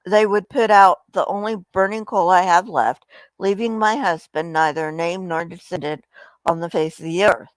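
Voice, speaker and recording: A woman's voice: on the low side, normal speed, dry recording, natural voice, rough recording. A woman reading as a pleading, humble widow.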